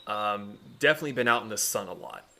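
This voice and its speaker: Bright-voiced man running a tabletop game. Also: fairly low pitch, quick pace. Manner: laughs often while narrating. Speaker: game master.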